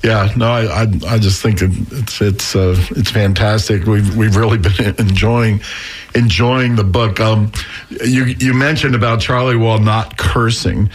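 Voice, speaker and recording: A man's voice: lowish voice, steady tone, unhurried, breathy edge. A man hosting a casual interview, stammering and repeating words as he asks questions. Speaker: host.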